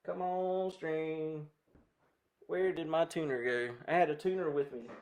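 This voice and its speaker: While restringing a guitar, a Southern American man from the southern US rambles on to his viewers as a guitar vlogger. He talks a little slowly in a steady, slightly high voice with a darkish tone.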